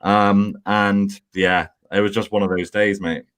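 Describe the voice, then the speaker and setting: A man co-hosts a fan chat in a fairly low voice. He talks in a measured way, thinking aloud with frequent ums and restarts. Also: little pitch movement, a bit bright, clean tone. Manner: measured, hesitant, lots of ums. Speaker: fan channel co-host. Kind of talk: post-match fan reaction chat.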